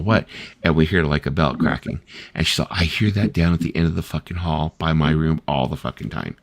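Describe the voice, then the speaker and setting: Rumbling low and creaky, this fifty-something host talks fairly quickly over a dry, roomless recording. His late-night chat wanders from story to story, heavy on "like" and "you know," and he performs the voices of everyone he quotes.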